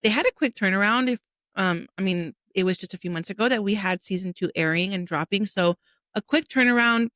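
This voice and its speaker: A woman's voice: medium pitch, a bit bright, no room sound. A woman hosting a casual commentary show, talking straight to her viewers in a chatty way. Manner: chatty, addressing viewers directly. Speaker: host.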